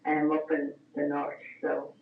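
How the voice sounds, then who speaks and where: A woman with an Irish accent chats at length as a guest, winding through her story with plenty of ums and uhs. Her voice sits fairly low and comes from a distance in a roomy space, with a dull, muffled line. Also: completely flat delivery, a little slow, vocal fry. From Ireland. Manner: rambling storyteller, many fillers. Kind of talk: casual chat on a call-in show.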